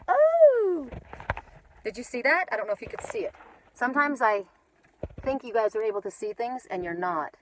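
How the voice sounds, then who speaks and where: A woman spiritual reader chatting casually on a live stream, rambling and animated, talking into her phone outdoors in the mountains. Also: medium pitch, brisk, slight background noise, rough recording.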